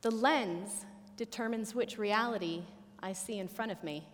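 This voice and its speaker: Slow-speaking woman preaching. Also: medium pitch, in a large hall. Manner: slow, deliberate preaching with emphatic pauses. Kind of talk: sermon. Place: church sanctuary. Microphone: pulpit microphone with feedback.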